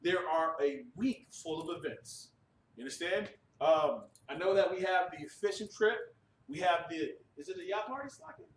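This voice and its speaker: Man, high voice, preaching to a class, emphatic, repeating checks for understanding, echoey room, distant mic. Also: lively intonation, normal speed, a little hiss or hum. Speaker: religious class speaker. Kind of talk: preaching and announcements.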